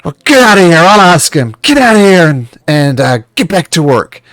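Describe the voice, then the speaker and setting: A man's voice: a little high, very animated, moderate pace, no echo, voice pushed up. A man voicing a bullying male boss who barks orders at a servant. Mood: furious. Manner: loud, barking orders.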